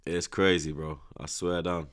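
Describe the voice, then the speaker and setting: With a low, unhurried voice, a young streamer comments live on a football match for his watch-along audience. His commentary is excitable and heavy on slang, dipping into hushed muttering before bursting out loudly.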